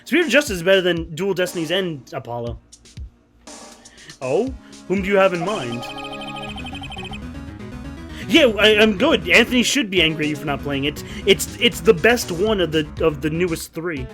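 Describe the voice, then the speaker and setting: A man giving casual gameplay commentary as a streamer, excitable and swearing a lot, over game music. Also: sits high, a little fast, few pauses.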